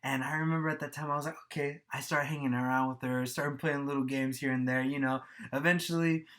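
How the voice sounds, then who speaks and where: A man's voice: mid-range voice, steady tone, fast talker, a bit bright. A young man co-hosting a podcast, telling a story casually, swearing freely and laughing often. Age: young adult. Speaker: podcast co-host.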